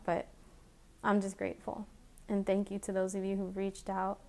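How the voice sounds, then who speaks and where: A woman recording a heartfelt personal video message, speaking in an emotional, halting way with many restarts, and she has children. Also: medium pitch, monotone, a little mellow. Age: adult with children. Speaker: vlogger.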